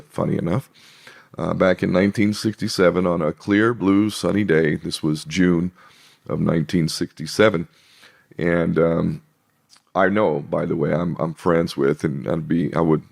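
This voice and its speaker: A man's voice: sits low, gravelly, darkish tone, slightly rough. A man talking in casual conversation, emphatic and sarcastic, laughing between points. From British Isles. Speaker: podcast guest.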